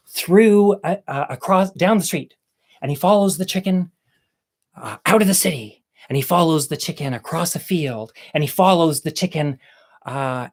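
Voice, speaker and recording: Male host telling jokes, chatty and campy, keeps derailing himself. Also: a little high. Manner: rambling, campy, self-interrupting. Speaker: host and storyteller. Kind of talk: stand-up joke telling.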